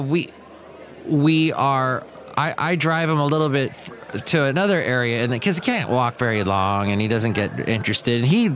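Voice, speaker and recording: A middle-aged man hosting a casual solo podcast, rambling and interrupting himself as he tells stories. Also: mid-range voice. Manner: rambling, self-interrupting storyteller. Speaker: podcast host and radio DJ.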